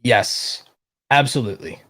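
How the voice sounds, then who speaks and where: A man's voice: mid-range voice, unhurried, sharp tone. A man hosting a livestream, reading viewer questions aloud and answering them in a direct, casual way. He says he is losing his voice. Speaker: livestream host.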